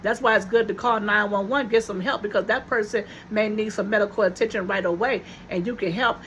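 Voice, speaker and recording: A woman's voice: medium pitch, steady tone, brisk, fairly bright tone, a little hiss or hum. A woman vlogger telling viewers a personal story in a casual, chatty way, repeating her phrases for emphasis.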